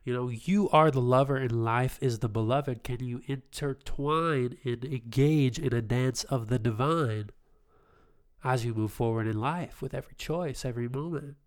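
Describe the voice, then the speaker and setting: A man's voice: mid-range voice, moderate pace. A man in his twenties hosting a spiritual tarot podcast, talking in a reflective, affirming way with casual asides. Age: 20s. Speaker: podcast host, tarot reader.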